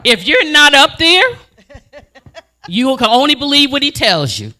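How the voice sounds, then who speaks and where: A woman advocate speaks at a community meeting with a very bright, cutting tone. She tells her stories with animated, blunt emphasis. She keeps pressing her points hard. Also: high-pitched, measured pace. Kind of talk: impassioned speech at a community meeting.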